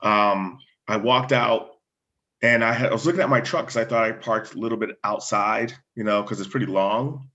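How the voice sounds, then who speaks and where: Man telling a story, muffled sound. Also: fairly low pitch. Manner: animated, restarts words, acts out dialogue. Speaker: fire chief. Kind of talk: conversational storytelling.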